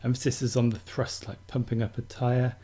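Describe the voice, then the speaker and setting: A man calmly teaching acupuncture technique in a steady, methodical instructional demonstration. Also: mid-range voice, a little fast, slightly rough. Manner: calm, steady, methodical explaining.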